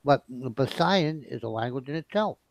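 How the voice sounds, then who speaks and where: A man from the United States hosting a loose group chat. His voice sits at an ordinary middle pitch and comes through dry and close, with no room around it. He talks on and on, pressing his point and laughing as he goes. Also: expressive, normal speed, no echo, poor audio. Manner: chatty, insistent, laughs often.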